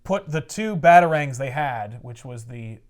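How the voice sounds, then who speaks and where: A man recapping a comic book in casual chat, with animated storytelling and frequent laughs. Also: mid-range voice, a little slow.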